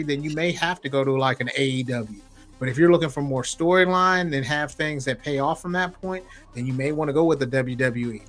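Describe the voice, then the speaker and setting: A man on a podcast, talking casually about wrestling with friends. His voice sits a bit high, and he gets loud and emphatic when he makes a point. Faint music plays underneath. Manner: animated, emphatic and laughing. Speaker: podcast co-host. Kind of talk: casual chat.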